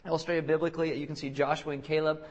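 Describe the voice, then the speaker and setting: A young man preaching a casual, joking sermon who restarts his sentences and keeps acting out quick voices to make his point. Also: a little high, flat delivery. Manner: joking, self-deprecating, acts out quick voices; halting restarts and repeated words. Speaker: pastor.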